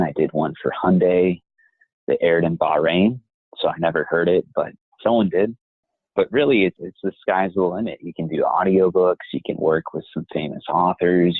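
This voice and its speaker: A young man, a voice actor, talking in a measured, reflective and encouraging way as an interview guest. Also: low-pitched, husky, dry recording. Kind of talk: interview conversation. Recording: tinny phone-like line.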